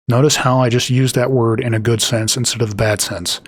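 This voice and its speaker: A man reading scripture aloud and explaining it, talking haltingly with many fillers and restarts, and reading the quoted passages quicker than his own remarks. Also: mid-range voice, fairly even intonation, slight background noise. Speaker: Bible teacher.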